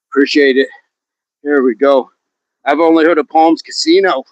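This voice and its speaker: A man's voice: fairly high pitch, moderate pace, no echo, muffled recording. A man hosting a casual fitness livestream outdoors, upbeat, reading out viewer comments and joking around while he exercises. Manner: upbeat, reads viewer comments aloud and jokes about accents. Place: outdoors in wind.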